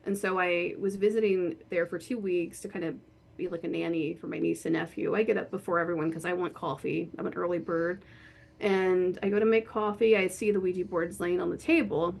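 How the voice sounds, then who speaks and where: A woman guest telling a personal story in a casual, animated way, laughing often and saying "like" a lot. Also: lowish voice, brisk, vocal fry. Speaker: guest, horror author and spirit board practitioner.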